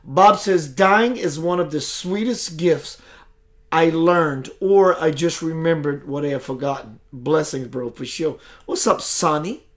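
A man hosting a live spiritual broadcast who talks in a slow, emphatic, preacherly way and reads out viewer comments. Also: on the high side. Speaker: spiritual show host.

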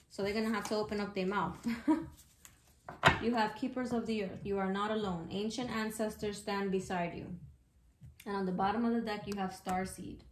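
A woman's voice: medium pitch, steady tone, a little fast. Chatty, outspoken woman reading tarot in an echoey room. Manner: chatty, slangy, outspoken, swears freely. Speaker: tarot reader. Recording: echoey room with background noise.

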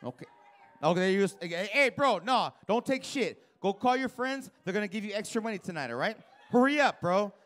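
A man's voice: high voice, expressive, a little fast, a bit bright. A man doing live stand-up in a comedy club, working the crowd with a brash, profane, teasing manner into a handheld stage mic.

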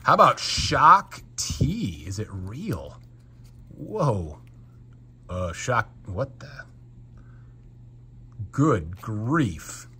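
A man giving casual unboxing commentary as a Lego collector, excitable and exclaiming at each find. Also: medium pitch, extremely slow, long pauses, husky. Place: home basement.

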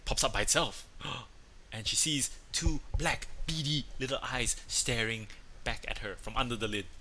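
A chatty male host talks casually and playfully. His voice sounds very bright and sharp, and a soft hiss sits faintly under the recording. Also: medium pitch, moderate pace. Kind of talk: casual chat, telling a joke.

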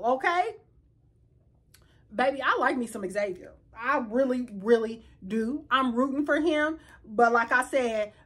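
Sassy high-voiced woman recapping TV. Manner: sassy, animated, talks straight to viewers. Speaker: reality TV recap vlogger. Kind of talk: casual chat.

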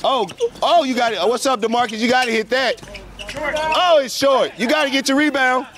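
A man calling pickup basketball from the sideline, excited and trash-talking as he keeps the score. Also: very high voice, moderate pace. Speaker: courtside commentator filming pickup games. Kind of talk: hype courtside commentary. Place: outdoor basketball court. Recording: noisy crowd at an outdoor court. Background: crowd and bouncing ball.

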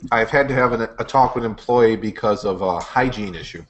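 A man's voice: lowish voice, brisk, muffled recording. A man co-hosting a casual podcast, blunt and profane, sounding exasperated. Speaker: podcast co-host.

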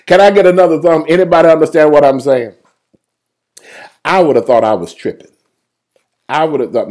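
A man's voice: fairly high pitch, brisk. A man preaching a livestreamed sermon, joking and colloquial, talking straight to his viewers by name. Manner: lively, joking, colloquial storytelling; talks straight to listeners by name.

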